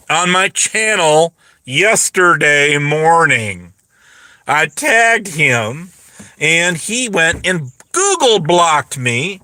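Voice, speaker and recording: Talking directly to his chat, a livestream host in his forties delivers a casual, sarcastic, mocking rant, rambling, stumbling and restarting often as his voice dries out. His voice sits on the high side, bright and forceful, with no room sound.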